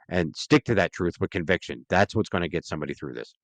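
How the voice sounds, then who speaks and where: A man's voice: fairly low pitch, fast, dry recording. A man, a podcast guest, talking earnestly and at length in a casual interview, often checking in with "right?".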